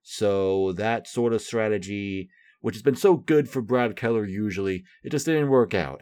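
A man hosting a casual solo baseball commentary podcast, talking sarcastically with mock excitement. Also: on the low side, no echo, studio quality. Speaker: podcast host and baseball fan.

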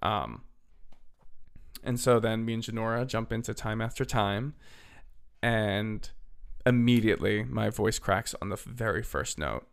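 A young man hosting a podcast, telling a story casually. He talks in a chatty way, full of "literally" and "like", and his voice is slightly hoarse. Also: on the low side, measured pace, pauses often. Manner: chatty, filler-heavy, "literally" and "like". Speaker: podcast host.

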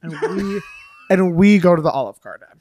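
A woman guest on a comedy podcast, telling an absurd improvised story with playful, theatrical deadpan. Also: lowish voice, moderate pace, a little hiss or hum.

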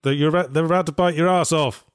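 A man's voice: on the high side, steady tone, quick pace, clean tone, no echo. A man co-hosting a podcast in casual chat, dry and sardonic. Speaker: podcast co-host.

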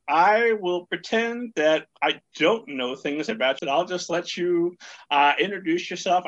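Man, podcast host, high pitched, bright tone, playful, dull lo-fi sound. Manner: jokey, playful, stumbles over words. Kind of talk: chatty podcast interview.

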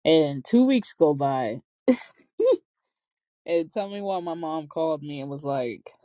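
A woman's voice: low voice, animated, slow, dark tone, no room sound. A young adult woman vlogging, telling casual stories in a chatty, slangy way and laughing often. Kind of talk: casual storytelling to camera.

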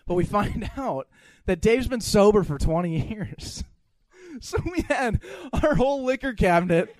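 A man co-hosting a live podcast show, telling an excitable story, laughing often and swearing casually. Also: high voice, a little slow, dry recording. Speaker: podcast co-host.

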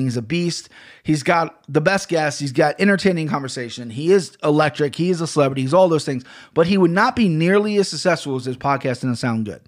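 A man hosting a casual podcast, talking bluntly and with plenty of swearing as he rambles through a fight recap from a home studio mic. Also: on the high side. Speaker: podcast host. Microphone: studio microphone.

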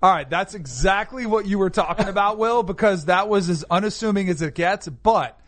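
A man's voice: sits high, moderate pace, fairly bright tone. A man hosting a casual sports chat show, conversational and opinionated. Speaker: sports talk host.

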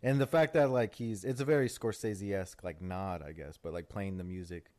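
A man's voice: sits low, fairly quick, darkish tone. A young man co-hosting a podcast, chatting casually in a rambling way and swearing freely. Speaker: podcast co-host. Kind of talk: casual chat.

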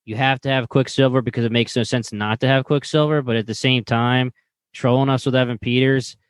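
Male podcast co-host, medium pitch, dry close sound, rambling theories. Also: flat delivery, brisk, clear, resonant tone, no echo. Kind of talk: casual chat.

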